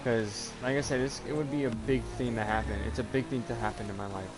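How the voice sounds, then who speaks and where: A man talking casually in a personal vlog, halting and rambling with many restarts, earnest and confessional. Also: mid-range voice, fairly even intonation. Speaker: YouTuber. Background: music playing.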